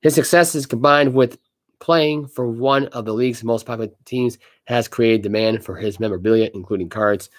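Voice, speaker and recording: Man, sports podcast co-host, casual talk, ranting, average pitch. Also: normal speed. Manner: ranting, animated, reads news aloud with stumbles.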